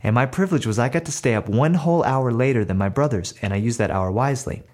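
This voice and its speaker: A man's voice: medium pitch, fast talker, darkish tone. A man telling a family story from his childhood, acting out the voices of his family. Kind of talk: personal storytelling.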